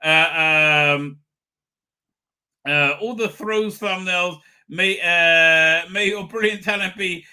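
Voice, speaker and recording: A man's voice: high-pitched, takes it slowly, bright, forceful tone, clean tone. A middle-aged man hosting a casual livestream, rambling through viewer comments with many fillers and restarts and an irreverent edge. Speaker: livestream host. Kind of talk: casual live chat reading viewer comments.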